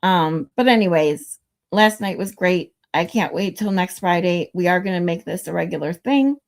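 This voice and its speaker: A woman's voice: fairly low pitch, normal speed, creaky. A woman hosting a casual livestream, talking chattily and directly to her viewers. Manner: chatty, flustered by tech trouble. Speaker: livestream host.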